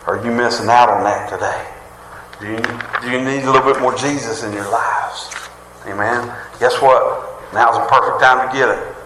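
A man's voice: medium pitch, steady tone, normal speed, bright, forceful tone, slight background noise. A man preaching a sermon, folksy and conversational, full of jokes and rhetorical questions. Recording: roomy hall reverb.

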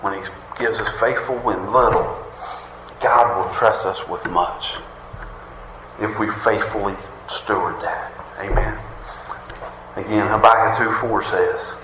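A man's voice: on the low side, fairly even intonation, a little slow, bright, forceful tone, slight background noise. A man preaching a sermon, folksy and conversational, full of jokes and rhetorical questions. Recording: roomy hall reverb.

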